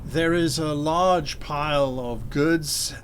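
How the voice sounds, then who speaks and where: A man narrating a tabletop game as game master, describing scenes in a relaxed way with fillers. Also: on the high side, slow pace, background noise.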